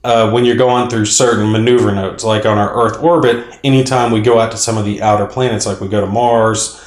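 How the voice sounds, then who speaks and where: A man casually explaining his moves in a tabletop space game, rambling with fillers and clearing his throat now and then. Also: fairly low pitch, fairly even intonation, brisk, reverberant. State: clearing throat, a little choked up. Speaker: board game player and channel host.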